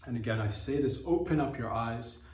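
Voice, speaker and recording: A man's voice: mid-range voice, brisk, a little mellow. Rambling man, roomy and distant. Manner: rambling, irreverent rhetorical riffs. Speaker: podcast host. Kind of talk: comedic solo monologue.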